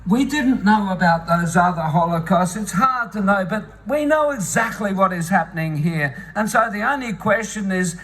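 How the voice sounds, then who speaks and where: Impassioned priest at an echoey outdoor rally. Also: male voice, high voice, expressive, moderate pace, hardly any pauses, a bit bright, far from the mic. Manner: impassioned, preaching, solemn. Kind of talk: rally speech with prayer.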